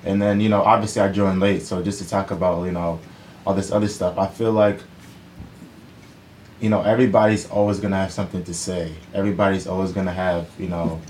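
A man answering interview questions about his team in a relaxed, rambling way, full of fillers and restarts. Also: low-pitched, fairly quick, slight background noise. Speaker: professional football player guest.

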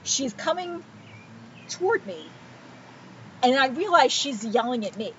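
A woman's voice: high-pitched, a little slow. A woman co-hosting a podcast, telling a story with lots of acted-out quotes and casual swearing. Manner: animated storyteller, acts out quotes, swears freely. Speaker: podcast co-host. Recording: dull lo-fi podcast audio with faint noise.

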